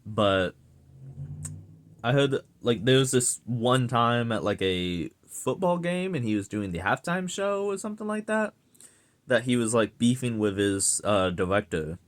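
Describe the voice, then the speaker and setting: A man's voice: mid-range voice, very animated, measured pace. A young man giving a casual, profane rant to his audience, exasperated and sarcastic. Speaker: vlogger ranting.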